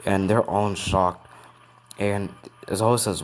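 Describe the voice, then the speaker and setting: A man's voice: lowish voice, steady tone, measured pace, slight background noise. A man narrating an improvised fan story in a rambling way, with many restarts.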